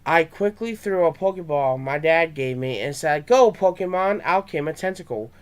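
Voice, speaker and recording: Slightly high-voiced young man reading a story. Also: animated, normal speed, clear, resonant tone. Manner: plain reading with small stumbles and restarts. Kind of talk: reading his own fan story aloud.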